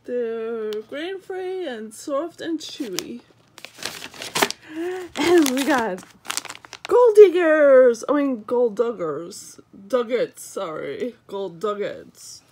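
Young woman vlogger, high lively voice, just woken, coos at her dog, unhurried delivery. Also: a little hiss or hum. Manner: high sing-song baby talk to her dog, then sleepy asides. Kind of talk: casual unboxing vlog.

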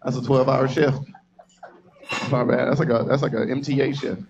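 A man's voice: mid-range voice, flat delivery, brisk, creaky, background noise. Young man, stand-up comedian, from Atlanta, rambling crowd work, muffled lo-fi club recording. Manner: loose, rambling, teasing the audience.

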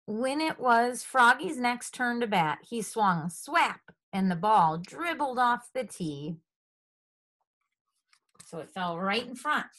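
A woman reading a picture book aloud to children, animated, asking them questions as she goes. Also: a little high, slow pace. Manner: animated, asks the listeners questions. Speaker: storybook reader.

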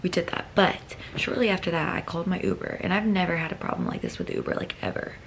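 A young woman vlogging, telling a story to camera in a chatty, rambling way, full of "like," sometimes dropping to a hushed near-whisper. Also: lowish voice, big pitch swings, fast, creaky, slight background noise. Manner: chatty, rambling, heavy use of "like".

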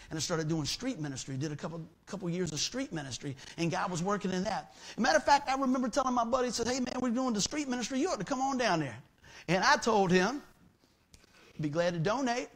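A man's voice: high-pitched, creaky, fairly bright tone, breathy edge. A middle-aged man preaching a sermon in a church as pastor, telling stories with humor and acting out the voices in them. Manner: folksy storytelling, acts out quoted voices, jokes with congregation.

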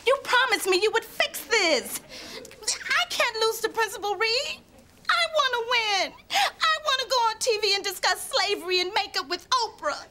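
An actress playing a bossy, dramatic high-school teacher in a TV sitcom, theatrical and whiny when she pleads. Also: sing-song, measured pace, fairly bright tone, a little hiss or hum, heavily acted. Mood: distressed. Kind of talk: sitcom acting.

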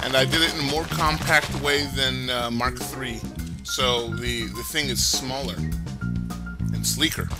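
A man's voice: mid-range voice, lively intonation, slow pace. A man hosting a let's play, chatting casually over his gameplay in a rambling, joking, self-mocking way. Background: background music.

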